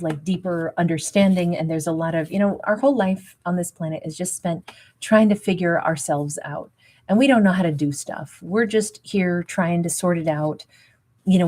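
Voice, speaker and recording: A woman hosting a livestream tarot reading, talking in a peppy, emphatic way and greeting viewers with endearments. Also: lowish voice. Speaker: tarot reader and livestream host.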